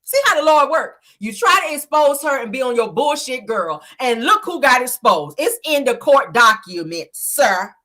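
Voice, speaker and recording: Sassy, animated woman recapping reality TV. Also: high-pitched, normal speed, hardly any pauses. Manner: sassy, animated, laughs a lot, acts out quotes; thanks viewers for stickers mid-talk. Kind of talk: casual gossip commentary.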